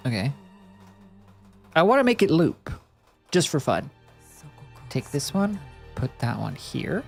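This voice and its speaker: Her voice sits on the low side with big pitch swings, moving slowly with long pauses over faint background music. Live-streaming her digital animation work, she muses aloud half to herself in casual commentary and makes playful sound-effect noises.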